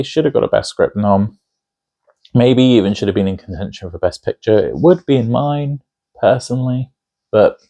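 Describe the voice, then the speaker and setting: A man's voice: fairly low pitch, dark tone. A man hosting a casual film review video, talking in a chatty, enthusiastic way with lots of asides. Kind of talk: casual opinionated film commentary.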